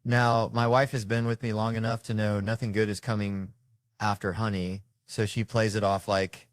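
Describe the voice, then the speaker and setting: A man doing a stand-up comedy set, brash and loud, acting out the people in his stories. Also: lowish voice, level tone, normal speed, dry recording.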